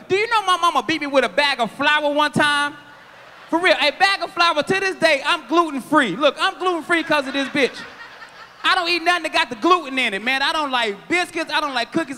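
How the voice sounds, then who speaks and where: A man in his thirties doing a stand-up comedy set on a theater stage, loud and animated, shouting his punchlines. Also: very high-pitched, brisk. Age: 30s. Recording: long theater reverb.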